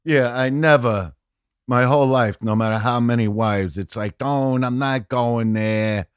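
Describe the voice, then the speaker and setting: A man's voice: mid-range voice, measured pace, clean tone, no room sound, clean studio sound. Profane, rambling man telling stories. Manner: profane, rambling, full of "you know"; animated, often shouting punchlines. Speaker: podcast guest. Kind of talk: casual storytelling chat.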